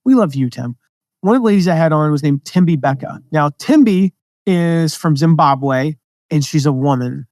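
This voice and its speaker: Energetic American man, slightly high voice. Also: moderate pace, no room sound, clean studio sound. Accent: mostly neutral American. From American Midwest and South. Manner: energetic, conversational, jumps into quoted voices. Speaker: podcast host, affiliate marketing teacher. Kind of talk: casual teaching monologue.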